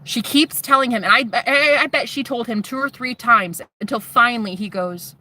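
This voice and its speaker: Intense woman vlogger with a sharp bright voice, telling her story to camera. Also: fairly high pitch, a little fast, slight background noise. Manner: intense, swearing, addresses viewers as guys. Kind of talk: emotional personal testimony.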